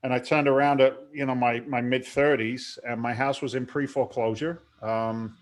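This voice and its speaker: A man's voice: medium pitch, fairly even intonation, normal speed. A man in his forties from London, with an accent that blends London English and Boston, talking casually and bluntly in an interview, laughing often. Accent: London English mixed with Boston. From London, England. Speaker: guest, real estate investor.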